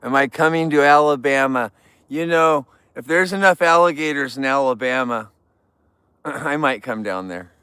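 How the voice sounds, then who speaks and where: A man's voice: mid-range voice, moderate pace, sharp tone, clean tone, no room sound. A man from California hosting a casual livestream, chatting and joking with viewers while trimming flowers. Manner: chatty, jokey, greets viewers. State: tired. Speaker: livestream host.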